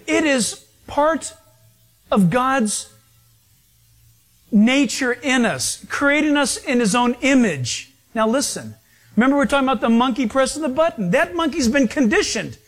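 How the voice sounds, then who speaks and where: A man preaching a sermon in a church, emphatic and speaking straight to his congregation. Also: very high-pitched. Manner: emphatic, addresses congregation directly.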